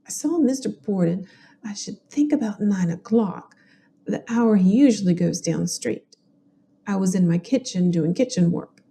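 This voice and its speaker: A woman with a Southern US accent reading an older woman neighbor's testimony at an 1890s inquest in a plain, steady way. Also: medium pitch, normal speed, creaky. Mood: matter-of-fact.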